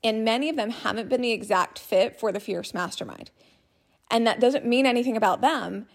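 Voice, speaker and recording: A woman's voice: on the high side, a little fast, vocal fry. A young adult woman coaching listeners on sales in an enthusiastic, direct way. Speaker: business coach. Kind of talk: teaching monologue.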